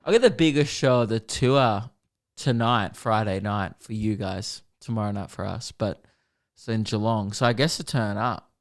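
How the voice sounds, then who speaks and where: A man's voice: lowish voice, moderate pace. A young man co-hosting a podcast, chatting casually, joking and teasing. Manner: joking, teasing, laughs often. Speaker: podcast co-host. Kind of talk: casual chat.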